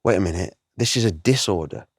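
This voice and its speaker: A middle-aged man, a guest artist, telling his story in an interview, animated and emotional, acting out the voices he quotes. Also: low-pitched, fairly quick, breathy edge, no room sound, studio quality.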